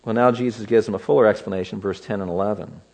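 A man's voice: on the low side, fairly even intonation, quick pace, darkish tone. A man preaching an expository sermon, teaching verse by verse and asking the listeners rhetorical questions.

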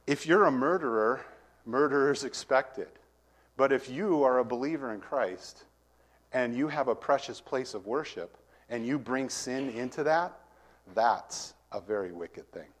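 A man's voice: mid-range voice, lively intonation, a little slow. A male preacher working through a passage verse by verse. He talks with his congregation in a casual way and puts questions to them. When he reads scripture aloud, his emphasis builds. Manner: conversational, asks the congregation questions. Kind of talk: verse-by-verse sermon.

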